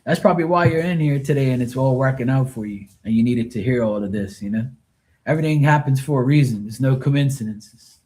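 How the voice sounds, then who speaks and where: A man's voice: medium pitch, a little fast, warm tone. A man chatting casually on a live tarot stream, rambling and swearing freely. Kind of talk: casual livestream chat.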